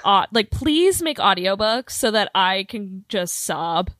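A young woman in casual podcast chat, emphatic and profane, quick to laugh. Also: medium pitch, very animated, fairly bright tone.

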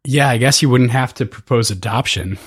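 A young man with a mid-pitched voice co-hosts a casual film podcast. He sounds relaxed and trades short replies and quick corrections, recorded close and dry. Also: husky, dry recording. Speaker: podcast co-host.

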